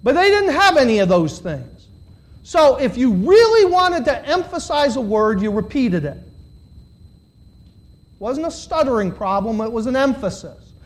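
A preacher giving a live sermon to a congregation of about fifty, dropping to quiet, low questions and then rising to loud, shouted emphasis, drawing out key words. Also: sing-song, moderate pace. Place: church hall with about fifty listeners.

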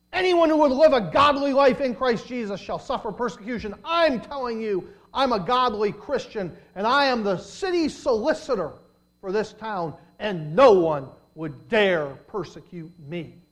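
A preacher acting out an indignant small-town lawyer. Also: male voice, very high voice, animated, a little slow, voice pushed up. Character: indignant self-assured male town lawyer. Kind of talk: sermon illustration.

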